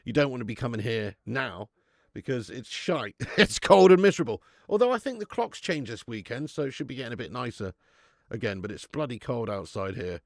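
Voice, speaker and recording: A man's voice: medium pitch, expressive, brisk, gravelly, dry recording, clean studio sound. A man hosting a live football watch-along, swearing and laughing as he bants with viewers in the chat.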